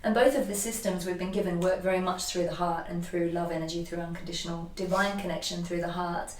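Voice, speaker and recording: A woman energy healer telling a personal story in an animated, emotional way, often restarting her sentences. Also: lowish voice, fast talker, a little hiss or hum. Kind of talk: casual conversation, personal storytelling. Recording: echoey room, voice from a distance.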